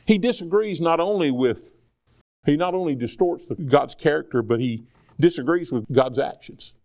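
Man, pastor, sermon, gravelly voice, slightly high pitch, conversational preaching. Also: animated, moderate pace, darkish tone. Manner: conversational preaching, acts out dialogue with God.

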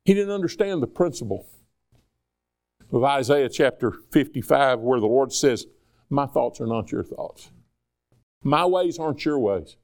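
Gravelly-voiced man preaching a sermon. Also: medium pitch, lively intonation, measured pace, long pauses, darkish tone. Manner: conversational preaching, acts out dialogue with God. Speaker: pastor.

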